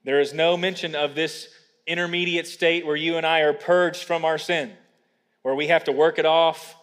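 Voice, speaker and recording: Earnest preacher in a reverberant hall. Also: male voice, a little high, fairly bright tone. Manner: earnest, building to emphatic peaks, with frequent ums in asides. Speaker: pastor. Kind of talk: sermon.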